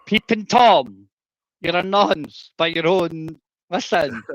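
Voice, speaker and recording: A man's voice: high-pitched, expressive, slow pace, no room sound, lo-fi sound. A Scottish man streaming live, chatting casually in a brash, sweary way and talking over the other speaker. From Scotland. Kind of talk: casual livestream chat.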